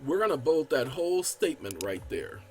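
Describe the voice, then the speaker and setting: A man hosting his own channel casually explains a legal document to viewers while editing it on screen, calling them y'all. He's emphatic, stresses key words as he reads the legal text aloud, and often stammers and restarts. His voice is a little high, very animated and fairly quick, with soft background music.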